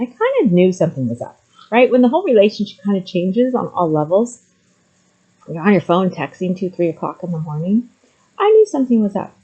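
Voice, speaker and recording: A woman's voice: mid-range voice, dark tone, slightly rough, muffled recording. A middle-aged woman talking candidly to the camera, with frequent ums, moving between hesitant and emphatic speech. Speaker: vlogger sharing personal story. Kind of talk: candid personal talk to camera.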